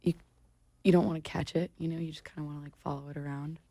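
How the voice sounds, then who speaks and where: Gravelly, low-voiced woman in casual chat. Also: steady tone, quick pace, warm tone, no room sound, studio quality. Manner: meandering, laid-back storytelling. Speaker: singer, interview guest.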